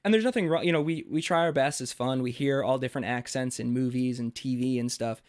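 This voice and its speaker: An American man hosting a podcast interview, animated and rambling, with lots of fillers. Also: medium pitch, a little fast. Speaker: podcast host.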